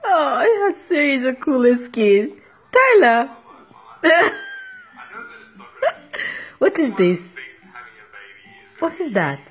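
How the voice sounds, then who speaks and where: Young woman, mother, playful baby talk, high bouncy voice, unhurried. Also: big pitch swings. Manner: laughing, teasing, sing-song. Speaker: mother filming her baby. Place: home.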